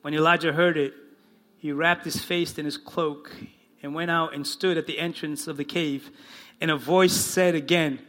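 High, bright-voiced preaching pastor. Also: male voice. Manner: expressive preaching, slowing and dropping low for quoted lines. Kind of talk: sermon. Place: church in front of a congregation.

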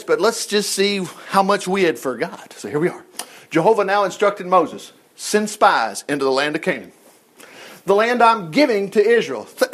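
A man with a drawl talks through scripture in a folksy, animated way. His voice sits high and swings widely as he acts out what the people in the story say. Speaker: Bible teacher. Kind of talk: folksy Bible study teaching.

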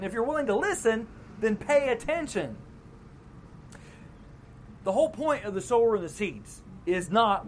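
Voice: mid-range voice, a little hiss or hum, poor audio. Conversational pastor preaching an evening sermon. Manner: conversational, acts out quoted voices with laughs.

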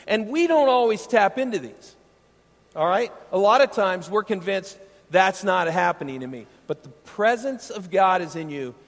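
A man preaching a sermon as pastor, his voice sitting high for a man. He speaks with emphatic, animated delivery and leans on rhetorical questions to his listeners. The sound carries a long reverb tail, as in a large hall. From Iowa.

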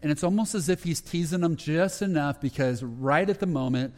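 Male pastor, slightly higher voice, storytelling sermon with hushed dramatic asides, big reverberant church hall. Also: brisk. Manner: retells scripture with quoted dialogue, dropping to a hushed voice at emotional moments.

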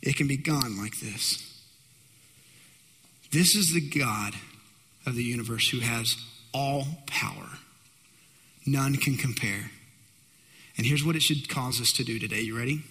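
Male pastor, dramatic storyteller, bright and sharp tone, long hall reverb. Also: mid-range voice, unhurried, pauses often, husky. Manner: dramatic storytelling with acted-out quotes. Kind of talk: sermon.

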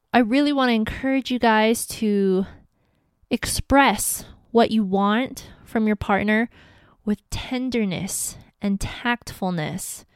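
A young adult woman hosting a podcast, giving relationship advice in an earnest, gentle and encouraging way. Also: mid-range voice, clean tone, no echo, clean studio sound. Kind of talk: casual advice talk.

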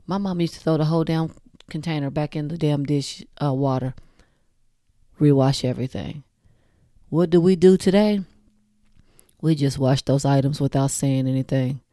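Blunt, low-voiced woman talking straight to listeners. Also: mellow, no echo, clean studio sound. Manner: frank, blunt, swears freely, addresses listeners directly; laughs at her own jokes. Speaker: podcast host. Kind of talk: casual talk to listeners.

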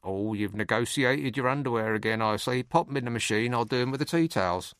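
A man's voice: mid-range voice, a little fast, a bit bright, clear, resonant tone, dry recording, studio quality, natural voice. A man putting on a prim, fussy woman politician, with a prissy, faintly disgusted manner.

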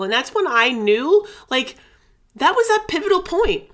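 A woman's voice: sits high, sing-song, measured pace, fairly bright tone. A middle-aged woman hosting a casual wellness podcast, talking candidly and chattily and dropping in endearments and the odd swear word. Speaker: podcast host.

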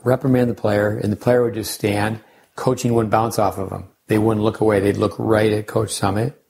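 A man's voice: lowish voice, flat delivery, moderate pace, gravelly, a little mellow, slightly rough. An older man, a tennis coach hosting a podcast, talking casually and rambling through coaching lessons and side stories. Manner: rambling, anecdotal, with restarts and sidebars.

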